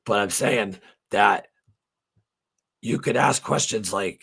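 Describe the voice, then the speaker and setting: Speaking slowly with vocal fry and frequent pauses, this middle-aged livestream host has a husky, fairly bright voice on the low side. He chats loosely with viewers, rambling, using lots of fillers and swearing freely.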